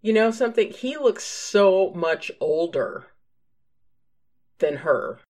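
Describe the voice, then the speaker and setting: A woman's voice: medium pitch, big pitch swings, slow, darkish tone. A woman casually reacting to a period drama with playful exclamations and giggles.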